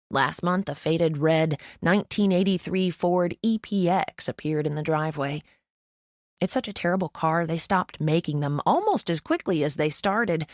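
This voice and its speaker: A young woman narrating an audiobook in the first person, with wry, deadpan asides, close to the mic. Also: sits low, dry recording.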